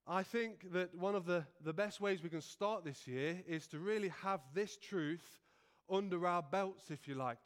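A nervous male preacher gives an evening sermon into a stand mic. His voice is high for a man and notably clear and resonant. He talks earnestly and humbly and often restarts his phrases. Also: fairly bright tone. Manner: earnest, self-effacing, with frequent restarts.

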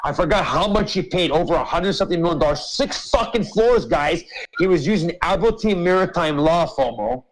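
A man's voice: on the high side, lively intonation, fairly quick, poor audio. A man hosting an open-mic group chat, ranting emphatically and swearing a lot. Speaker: host.

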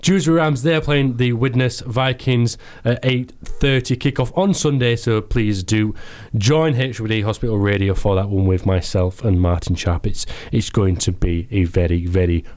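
A man's voice: lowish voice, normal speed, hardly any pauses, darkish tone. A man hosting a casual sports chat on hospital radio, jokey and tripping over his words. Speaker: sports show host.

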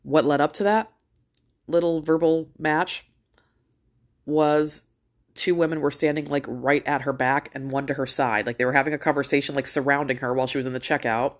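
A woman's voice: deep voice, steady tone, normal speed. A middle-aged woman ranting casually to her viewers, blunt and full of swearing as she tells a story. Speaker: vlogger.

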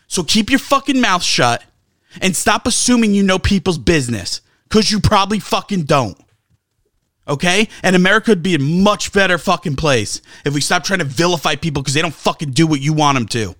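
A man's voice: high voice, expressive, a little fast, fairly bright tone, no echo, studio quality. A man co-hosting a sports talk show, ranting with heavy swearing and sarcasm. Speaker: sports podcast co-host. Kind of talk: heated sports talk rant.

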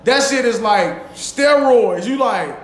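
A man hosting a casual podcast chat, telling stories loudly with lots of laughing and swearing. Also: extremely high pitch, expressive, slow pace. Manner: loud, laughing, profane storytelling. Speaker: podcast host. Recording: echoey room with faint ambience.

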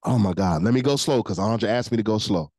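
A pastor preaching a livestreamed sermon, animated and repeating phrases for emphasis while calling out to the online chat. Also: mid-range voice, fast, dry recording, poor audio.

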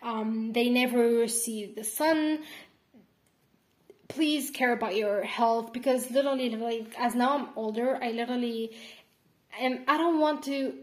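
A woman's voice: on the high side, measured pace. An eighteen-year-old woman hosting her own podcast, rambling casually with lots of fillers and calling her listeners sweetie. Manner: chatty and rambling, heavy on "like" and "whatever"; affectionate toward listeners, calls them sweetie. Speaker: podcast host. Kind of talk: casual solo podcast monologue.

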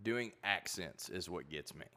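A man hosting a podcast, chatting casually and telling animated stories with lots of laughter. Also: deep voice, a little slow. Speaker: podcast host. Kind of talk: casual chat.

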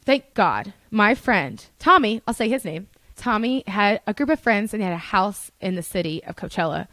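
A young woman telling a casual story as a podcast guest, chatty and animated, swearing freely and saying "like" a lot. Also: mid-range voice, normal speed, no echo. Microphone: studio podcast mic.

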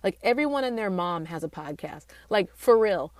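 A woman in her late twenties hosting a casual solo podcast, chatty and playful, joking at herself with quick asides, recorded in a small home studio room. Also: medium pitch, expressive, no room sound. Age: late 20s. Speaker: podcast host.

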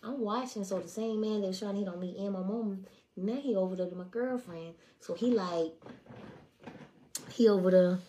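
A woman in her twenties telling stories on a casual livestream, blunt and profane. She swings between hushed asides and loud, animated outbursts. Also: medium pitch, normal speed, slight background noise. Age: 20s. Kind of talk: casual storytelling to a live audience.

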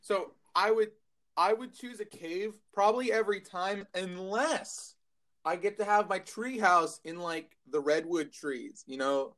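A man's voice: sits high, unhurried, a bit bright. A man from Texas chatting playfully on a podcast, laughing often. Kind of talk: casual chat.

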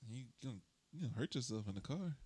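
A man's voice: medium pitch, expressive, fast talker, mellow, slightly rough, no room sound. A man co-hosting a podcast in casual chat, teasing and laughing often. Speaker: podcast co-host.

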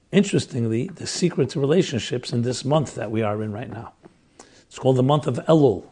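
A man speaks earnestly about relationships and faith, stacking phrase after phrase as he explains. His voice is husky and wearing thin. He talks at an ordinary middle pitch. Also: darkish tone. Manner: earnest, explains with lists and repetition. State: losing his voice. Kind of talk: religious talk.

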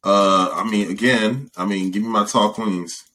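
A man's voice: fairly low pitch, fairly even intonation, a little slow, pushed and bright. A young man co-hosting a podcast, chatting casually and complaining playfully. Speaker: podcast co-host. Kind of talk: casual chat.

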